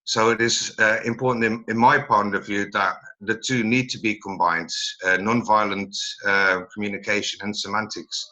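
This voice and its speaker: Guy presenting on a video call, lowish voice but bright and forceful, stops and hunts for words a lot. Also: steady tone, low-quality recording. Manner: halting, searching for words. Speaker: presenter at a learning network meeting. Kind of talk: online meeting presentation.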